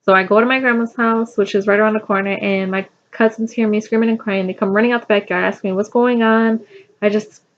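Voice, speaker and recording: A woman's voice: mid-range voice, fairly even intonation, fast talker, highs cut off. Chatty young woman, rambling story. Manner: rambling, chatty, full of fillers and restarts. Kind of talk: casual storytelling to camera.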